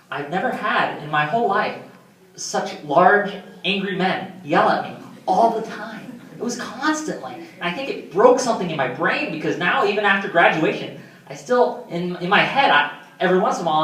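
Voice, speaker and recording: A young man tells rambling, self-deprecating comic stories, his pitch swinging lively from line to line. He sounds distant and roomy, as if heard in a hall from across the room. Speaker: stand-up comedian. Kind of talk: stand-up comedy storytelling. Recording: roomy hall, mic from far off.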